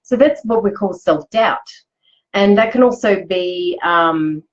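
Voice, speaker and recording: A woman's voice: mid-range voice, slow pace, muffled recording. A woman, hosting a chatty, upbeat live motivational talk. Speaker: host. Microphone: live video stream.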